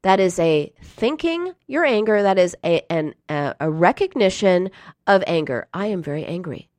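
A woman's voice: on the low side, lively intonation, moderate pace, a little mellow, no echo. A grown woman talking straight to her listeners in a casual advice talk, earnest and emphatic, now and then acting out feelings in short bursts. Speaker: self-help speaker.

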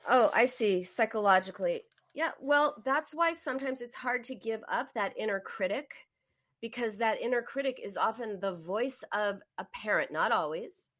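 Bright-voiced woman therapist host. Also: on the high side, moderate pace. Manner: lively, explanatory storyteller. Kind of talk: conversational coaching talk.

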